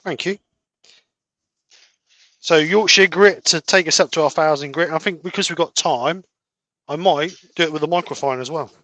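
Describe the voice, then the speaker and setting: A man talks through a woodturning demo in a plain, practical manner. His voice sounds bright and a little high, and the close mic adds almost no room sound. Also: moderate pace, pauses often, no room sound. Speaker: woodturner demonstrating. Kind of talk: livestream demo chat.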